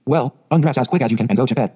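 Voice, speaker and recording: Guy doing a stern no-nonsense farm lady, curt and a bit higher, quick storybook read. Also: breathy edge, close to an everyday voice. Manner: curt, sharp, matter-of-fact. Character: stern, unsympathetic middle-aged farm woman.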